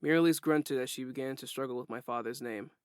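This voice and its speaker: A man's voice: mid-range voice, fast talker, clear, resonant tone, no room sound, studio quality. Man narrating a first-person audiobook.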